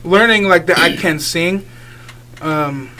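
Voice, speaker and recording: Higher-voiced young man, chatty and rambling. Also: slow, sharp tone, a little hiss or hum. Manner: rambling, many filler likes, laughs easily. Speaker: guest singer. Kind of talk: casual radio interview chat.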